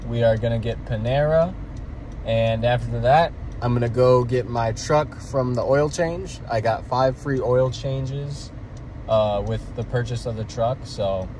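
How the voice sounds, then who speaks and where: A man's voice: mid-range voice, background noise. A young man vlogging casually, rambling with lots of "like" fillers, recorded on a handheld phone. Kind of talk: casual vlog chat. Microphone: handheld phone camera.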